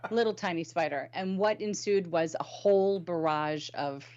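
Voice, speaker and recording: Chatty, animated woman host with a lowish voice and dull, lo-fi audio. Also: normal speed. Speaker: show host. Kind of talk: casual weekly review chat.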